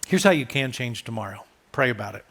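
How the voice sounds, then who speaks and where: A man, a pastor, preaching a conversational sermon who often drops soft and low for emphasis. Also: animated, fairly quick, creaky.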